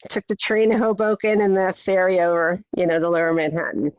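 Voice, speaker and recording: Middle-aged lady guest, lively storyteller, kinda muffled dull audio, dry. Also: on the low side, fairly quick, clean tone, no echo. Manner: animated storyteller, acts out her own thoughts. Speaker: podcast guest. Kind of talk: conversational interview.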